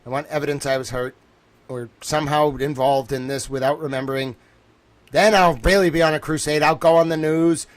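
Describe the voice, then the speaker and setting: A man streaming a casual rant, swinging between low mutters and near-shouting, often breaking into laughter. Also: fairly even intonation, fairly quick.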